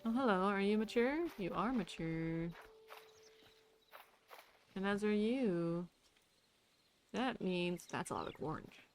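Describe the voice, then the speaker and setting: A woman's voice: medium pitch, animated, slow pace, pauses often, a little hiss or hum. A young woman streaming a game, chatting casually to herself and to the creatures she meets. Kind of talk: casual gameplay commentary.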